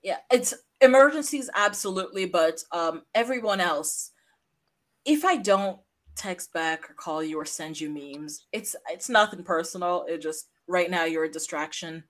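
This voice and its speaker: Low-voiced woman co-hosting a chatty podcast. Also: lively intonation, moderate pace, a bit bright. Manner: chatty, self-mocking, with frequent restarts and laughs. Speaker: podcast co-host. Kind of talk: casual chat. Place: home office with a whiteboard.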